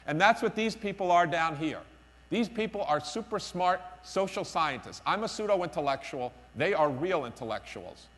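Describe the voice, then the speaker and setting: A man delivers a conference keynote in a fairly high voice, driving his points home by repeating them and slipping in self-deprecating jokes. His voice rings out with the long reverb of a big conference hall. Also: a bit bright. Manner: emphatic, repeats key phrases, self-deprecating humor. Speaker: keynote speaker.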